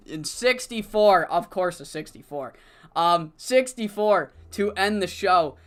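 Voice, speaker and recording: A man streaming a wrestling management game, talking casually, thinking out loud and swearing freely. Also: high voice, lively intonation, unhurried. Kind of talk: casual let's-play commentary.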